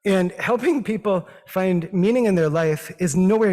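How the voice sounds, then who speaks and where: A man with a Midwestern accent, a physician giving a thoughtful, modest talk with slides, pausing often with fillers. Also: high voice, mellow. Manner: thoughtful, hesitant, with many fillers; modest and self-deprecating. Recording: long reverb of a hall.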